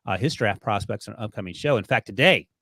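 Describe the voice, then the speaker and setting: A man's voice: fairly low pitch, fast, bright, forceful tone, no echo. A man hosting a sports podcast in a casual, playfully teasing way. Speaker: podcast host.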